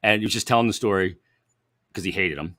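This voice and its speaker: A man with a very deep voice co-hosts a casual sports talk show. He is chatty and teasing and laughs easily. The recording is dry and close. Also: fast talker, a bit bright, dry recording. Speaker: co-host.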